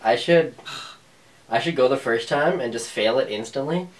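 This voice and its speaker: Young man, podcast co-host, easygoing joking storyteller, mid-pitched, distant mic. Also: moderate pace. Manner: joking, laid-back, swearing. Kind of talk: casual storytelling chat.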